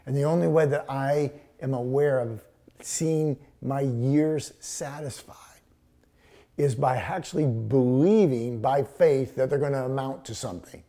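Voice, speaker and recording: An older Texas pastor who has grandchildren preaches a sermon, telling a story before slowing down to stress certain words, at times dropping almost to a whisper. His voice is mid-range and mellow.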